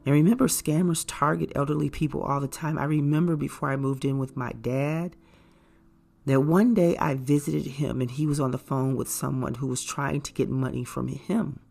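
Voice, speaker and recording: A woman giving an earnest, measured talk that gently explains things to caregivers. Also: low-pitched, fairly even intonation, gravelly. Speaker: caregiver educator. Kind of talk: informative talk to camera.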